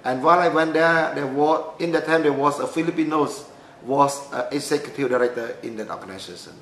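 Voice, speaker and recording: A middle-aged man from Cambodia with a Cambodian accent, telling his life story in halting non-native English full of restarts. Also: a little high, a bit bright. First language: Khmer. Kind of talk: personal storytelling talk. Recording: echoey room with faint noise.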